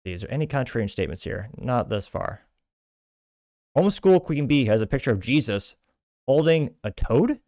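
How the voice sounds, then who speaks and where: A man's voice: mid-range voice, expressive, moderate pace, a little mellow, dry recording. Stumbling self-mocking male show host. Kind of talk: casual commentary reading social media posts.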